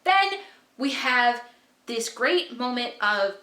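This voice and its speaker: A woman vlogger recapping a book in a casual, rambling way, gushing with excitement and dropping to a hushed voice at dramatic moments. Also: fairly high pitch, slow, echoey room.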